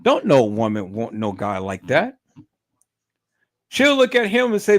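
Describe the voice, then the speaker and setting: A livestreamer curses his way through a rant, tripping over repeated words and restarting as his temper rises. He has a medium pitch with huge swings, an unhurried pace and frequent pauses, on a dry studio-quality recording.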